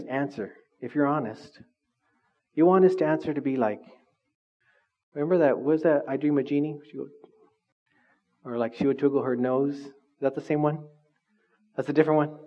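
A middle-aged pastor with a slightly high, warm voice gives a conversational sermon, frequently posing questions to the congregation. The recording sounds slightly dull and lo-fi.

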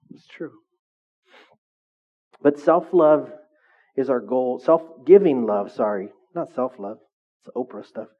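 Man preaching a lively, chatty sermon. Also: mid-range voice, highs cut off. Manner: conversational, animated, asks the congregation questions. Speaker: pastor.

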